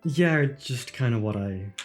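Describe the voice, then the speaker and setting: A man's voice: mid-range voice, expressive, unhurried, soft background music. A man playing a jester in a tabletop game, awkward and self-deprecating, often stammering. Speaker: player.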